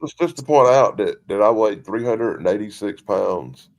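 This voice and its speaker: A man's voice: lowish voice, expressive, normal speed. A man in casual group video chat, talking in a rambling, folksy way with frequent restarts. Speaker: community chat participant.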